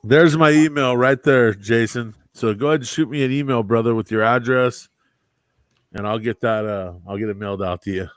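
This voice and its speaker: A man's voice: mid-range voice, normal speed, clean tone, dry recording. Laid-back storytelling man, dry sound. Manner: laid-back, laughs often, says bro and dude. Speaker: co-host of a live stream. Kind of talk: casual storytelling chat.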